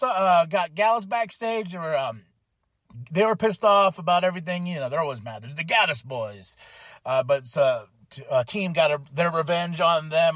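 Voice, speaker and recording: A man hosting a podcast, recapping a wrestling show in a casual, chatty way and acting out lines in quick voices. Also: high voice, a bit bright, no room sound, studio quality. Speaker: podcast host.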